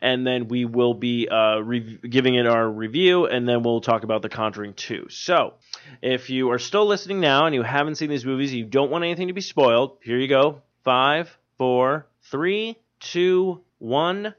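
A man's voice: mid-range voice, moderate pace. A man co-hosting a casual podcast, rambling and swearing as he tells stories and puts on silly voices. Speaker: podcast co-host. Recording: dull lo-fi audio.

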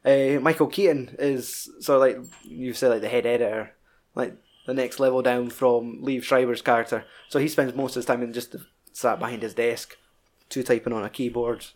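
A man with a Scottish accent chatting casually as a podcast co-host, telling a film's story in an animated, heavily sweary way. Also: mid-range voice, normal speed. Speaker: podcast co-host reviewing a film. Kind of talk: casual chat.

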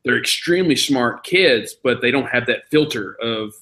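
A man's voice: medium pitch, animated, normal speed, bright, forceful tone. A man co-hosting a podcast, telling rambling stories in casual chat with lots of fillers. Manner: rambling, filler-heavy storytelling. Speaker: podcast co-host.

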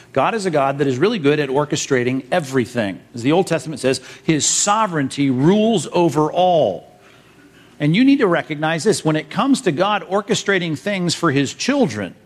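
Middle-aged guy pastor preaching, bit higher voice, punchy, keeps asking the crowd questions. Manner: emphatic, rhetorical questions, lists points for notes. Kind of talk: sermon.

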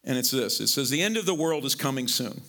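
A middle-aged male pastor from Missouri preaching a sermon in a conversational way, repeating words and jumping up in pitch to stress his points. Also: lively intonation, fast, bright, forceful tone. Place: church sanctuary.

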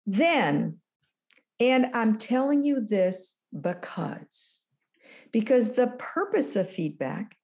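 Mellow-voiced older woman telling stories. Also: a little high, takes it slowly. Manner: animated storyteller, acts out dialogue. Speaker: guest, former business school lecturer. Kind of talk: storytelling in an interview.

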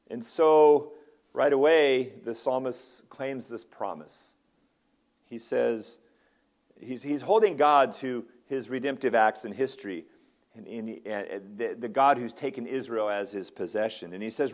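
Man preaching an earnest sermon. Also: medium pitch. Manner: earnest expository preaching with repeated restarts. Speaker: ruling elder preaching. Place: church sanctuary.

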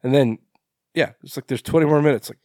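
A man's voice: medium pitch, fast talker, mellow, dry recording, clean studio sound. A man co-hosting a podcast, chatting casually about a film with short agreeing replies and some swearing. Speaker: podcast co-host. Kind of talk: casual chat reviewing a film.

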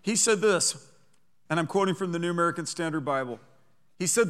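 Fervent pastor with a bright, ringing voice. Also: male voice, fairly high pitch, animated, fairly quick, long pauses, clear, resonant tone, big-room sound. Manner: fervent, rising to loud emphatic peaks when reading scripture; asks congregation to repeat lines. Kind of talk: sermon. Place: church sanctuary.

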